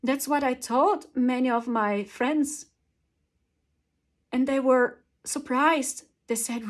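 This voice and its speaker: A woman's voice: high voice, slow, pauses often. Emphatic woman talking spiritual advice. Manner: emphatic, repeats words for stress, laughs often. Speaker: spiritual channel host. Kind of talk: casual spiritual talk to camera.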